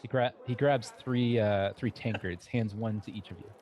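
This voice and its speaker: A man narrating as game master of a tabletop game, describing scenes haltingly with many fillers. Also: lowish voice, steady tone, darkish tone. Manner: halting, lots of "uh" and restarts while describing scenes.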